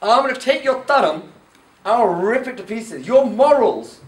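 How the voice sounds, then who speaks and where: A man voicing a menacing male spirit of the dark age that boasts and threatens. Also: very high-pitched, animated, moderate pace. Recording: echoey room, far from the mic.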